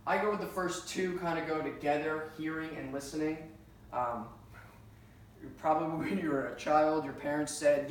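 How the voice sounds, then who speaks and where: Speaking a little fast in a slightly high voice, this man trains 9-1-1 dispatchers in a loose, conversational lecture thick with fillers and personal anecdotes. A very echoey room, distant mic and faint hiss color the recording.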